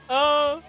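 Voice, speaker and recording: A woman streamer reacts live with a very high, bright voice that swoops around a lot. She talks slowly and giggles often between gushing remarks, with faint music behind her.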